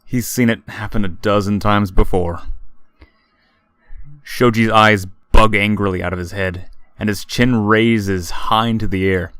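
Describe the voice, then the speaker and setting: A man's voice: on the low side, steady tone, unhurried, a bit bright, clean tone, no echo. A man reading a story aloud as a hobby audiobook narrator. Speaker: audiobook reader.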